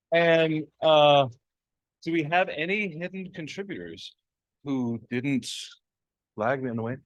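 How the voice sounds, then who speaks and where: A man's voice: fairly high pitch, unhurried, no echo. A man hosting a literary magazine launch, making casual announcements with many fillers and playful coaxing. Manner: chatty, filler-heavy, coaxing. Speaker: event organizer and magazine editor. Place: university library gallery reception.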